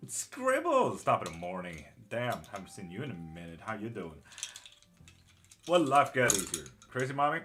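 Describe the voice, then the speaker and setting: A man's voice: on the low side, lively intonation, normal speed, a bit bright, faint music behind. A middle-aged man doing a casual live-stream tarot reading, reading out chat and muttering curses under his breath. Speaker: tarot reader and witchcraft teacher.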